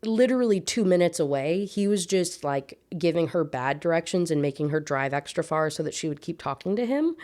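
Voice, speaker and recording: A young woman with a Southern US accent talks through a romance novel she clearly dislikes. Her voice sits on the lower side, and her sarcasm and exasperated laughter come through in every complaint. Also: animated, fairly quick, hardly any pauses, darkish tone. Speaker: book reviewer. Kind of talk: casual book rant with read-aloud excerpts.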